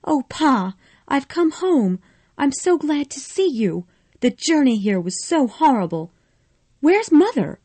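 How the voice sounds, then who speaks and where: A woman's voice: high voice, big pitch swings, unhurried, mellow, no room sound, pitched above the performer's own voice, heavily acted. A frantic young Southern belle heroine cries out in breathless, pleading bursts, as a woman narrator puts her on. Her voice jumps well above the reader's own and swoops all over. It suits a storybook reading. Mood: distraught.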